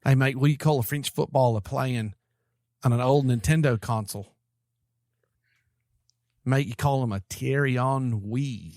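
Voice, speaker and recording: A man's voice: mid-range voice, moderate pace, pauses often, darkish tone, no echo, studio quality, natural voice. A man putting on a jokey Australian bloke voice, dropping "mate" into every phrase. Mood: joking. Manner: repeats "mate" in a hammy bloke voice.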